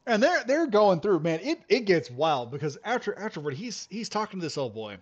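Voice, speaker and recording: A man's voice: sits high, normal speed, few pauses. Laughing streamer man with lo-fi sound. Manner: animated, laughing, restarting sentences. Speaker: gaming streamer. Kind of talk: casual storytelling on a live stream.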